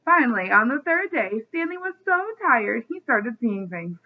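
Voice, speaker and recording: A woman, a kindergarten teacher, reading a storybook aloud and pausing to explain it to the children, heard over a tinny phone-like line. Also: a little high, lively intonation.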